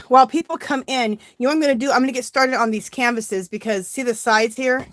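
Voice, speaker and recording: Studio-quality and echo-free, the recording catches a middle-aged woman's slightly high voice at a fairly quick pace. She's crafting on a home livestream, chatting easily, naming viewers as she greets them, a little out of breath.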